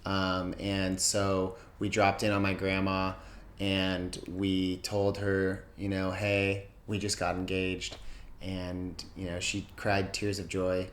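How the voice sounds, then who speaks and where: A man's voice: low voice, a little hiss or hum. Laid-back young man, echoey room. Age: young adult. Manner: relaxed and unhurried, with pauses and fillers. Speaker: vlogger's fiancé. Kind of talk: casual chat. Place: indoors, sitting down.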